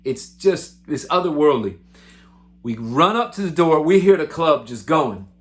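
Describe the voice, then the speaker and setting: A male musician hosting his own show, telling road stories to the camera in an excitable, animated, chatty way. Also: fairly high pitch, unhurried. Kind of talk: casual storytelling to camera.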